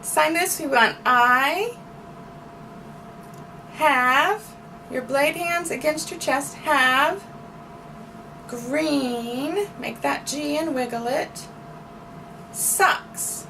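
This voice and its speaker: A woman's voice: high voice, extremely slow, gravelly, long pauses, pushed and bright, a little hiss or hum. A woman teaching sign language, explaining each sign patiently and repeating phrases as she demonstrates them. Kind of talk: slow instructional explanation. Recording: distant mic with banjo background music. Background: bluegrass banjo music.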